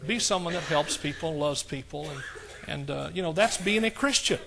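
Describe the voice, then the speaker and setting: A middle-aged man with an East Texas accent preaching a conversational sermon in a church, folksy and plain-spoken, calling for amens and rising higher and louder on the points he stresses. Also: normal speed, creaky, a crowd in the background. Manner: folksy, calls for amens, rises high and loud on emphatic points. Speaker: pastor.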